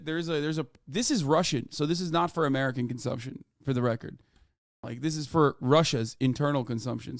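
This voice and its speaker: A man hosts a livestream, reacting to a clip with animated, profanity-laced commentary. His voice sits fairly high for a man. The sound is close and dry, with no room in it. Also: dry recording. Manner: animated, profane, talks over a played clip. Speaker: livestream host.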